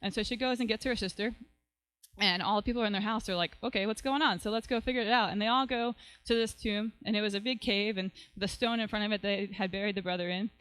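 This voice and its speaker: A woman's voice: medium pitch, steady tone, fast talker, fairly bright tone, clean tone, poor audio. A woman pastor preaching a sermon, retelling a story in a conversational way and often checking in with "right?".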